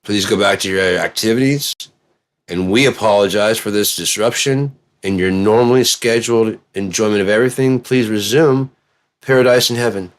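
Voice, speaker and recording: A man with a low-pitched voice rambles through a profane monologue. He drops to quiet mutters, then bursts into loud, excited yelling. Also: normal speed.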